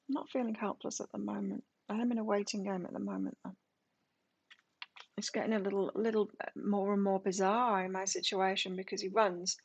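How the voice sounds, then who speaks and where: Gravelly woman reading tarot cards. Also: medium pitch, little pitch movement, brisk. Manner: reads card meanings aloud, then muses on them. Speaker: tarot reader. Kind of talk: live tarot reading chat.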